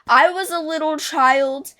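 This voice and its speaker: High-pitched chatty young woman. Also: a little slow, pushed and bright. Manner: chatty, rambling, with many restarts and fillers. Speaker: storyteller. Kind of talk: casual storytime narration.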